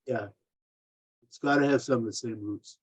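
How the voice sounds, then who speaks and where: A man in a language class talking calmly and conversationally over a video call. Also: mid-range voice, moderate pace, slightly rough.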